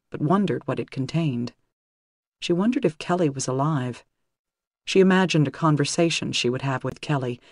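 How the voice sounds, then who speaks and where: Higher-voiced man narrating an audiobook. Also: dry recording, studio quality. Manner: steady, measured storytelling.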